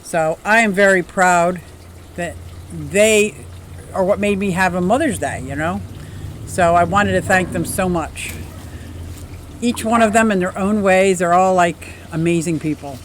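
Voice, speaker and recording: A woman's voice: lowish voice, measured pace, a little hiss or hum. A woman in her fifties hosting a casual livestream outdoors, bubbly and chatty, greeting viewers by name. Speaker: livestream host. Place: outdoors in a yard.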